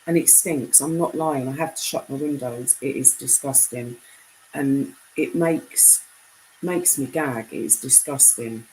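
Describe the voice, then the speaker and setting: A young British woman chatting casually on a live stream, reading out viewer comments; her voice is deep enough to be mistaken for a man's. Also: measured pace, darkish tone, a little hiss or hum, poor audio. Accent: British English. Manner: chatty, reads comments aloud.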